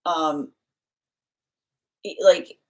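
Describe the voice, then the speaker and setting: A woman's voice: deep voice, steady tone, drawn-out words, darkish tone. A woman giving a live tarot reading, talking in loose, rambling run-ons full of fillers and restarts, acting out what others might say. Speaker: tarot reader.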